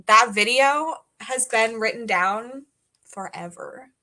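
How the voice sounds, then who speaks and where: A young woman with a bright, crisp-edged tone chats easily on a livestream. She sounds relaxed and informal, letting plenty of fillers into her talk. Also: a little high, slow pace. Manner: easygoing, frequent "mm-hmm" backchannels and fillers. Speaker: co-host booktuber. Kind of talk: casual livestream chat.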